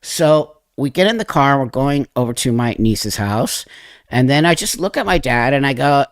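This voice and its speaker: This livestream host is a man in his sixties with a mid-range voice, speaking at a normal pace in a dry recording. He retells a personal story animatedly, getting emotional, swearing, and voicing the quotes himself.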